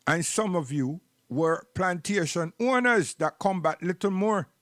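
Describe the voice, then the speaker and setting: A man's voice: high voice, animated, a little slow, fairly bright tone, no echo, studio quality. A man with a Jamaican accent giving rambling, preachy live-stream commentary and repeating words while he searches for the next one.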